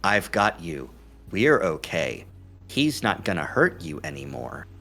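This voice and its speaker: A man reading the lines of a shaken young man comforting a friend, slow and hushed. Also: low-pitched, sing-song, creaky, faint music behind, full character voice.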